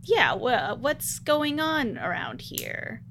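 A woman's voice: high voice, sing-song, takes it slowly, fairly bright tone, a little hiss or hum, voice pushed up, full character voice. A woman voicing a small, curious and playful hooded bird girl, eager and giggly, sometimes dropping to a whisper.

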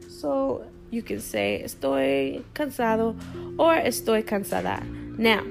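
A woman's voice: on the high side, creaky. A woman teaching basic Spanish greetings on a podcast, patient and repetitive, with frequent ums. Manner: patient, repeats phrases slowly with frequent ums. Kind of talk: podcast language lesson.

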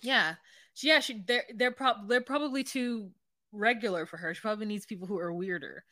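A woman's voice: medium pitch, a little fast, bright, forceful tone, dry recording, studio quality. A woman co-hosting a podcast, recapping a reality show in rambling, giggly casual chat. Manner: rambling, giggly, restarts sentences. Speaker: podcast co-host.

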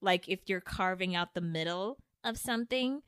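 Bright, clear-voiced woman chatting. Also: fairly low pitch, moderate pace, no echo, studio quality. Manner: playful, makes up definitions with confidence. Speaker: podcast co-host. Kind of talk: casual chat among sisters.

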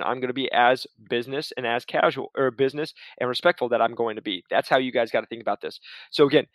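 A man's voice: medium pitch, a bit bright, dry recording. A man giving casual career advice in a chatty, laid-back way, full of restarts and asides. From Arizona.

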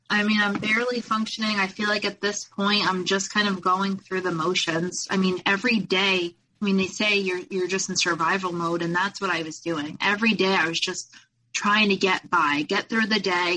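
A young woman, a guest, telling her own story in an earnest, rushed way, full of "you know" and "like". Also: medium pitch, fairly even intonation, bright, forceful tone, rough recording. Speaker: abuse survivor guest. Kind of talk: candid personal storytelling.

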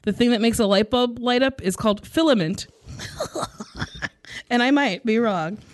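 A woman comedian answering rapid-fire questions, frank and animated, with playful asides. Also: fairly high pitch, dry recording, clean studio sound. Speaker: stand-up comedian.

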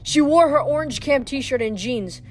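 A woman's voice: high-pitched, lively intonation, measured pace. A woman reading a novel aloud in the first person, plainly and with small slips and restarts. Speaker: reader.

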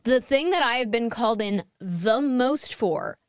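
A woman hosting a podcast in casual chat, animated and swearing freely as she acts out quoted voices. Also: fairly high pitch, unhurried, no echo, clean studio sound. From United States. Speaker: podcast host.

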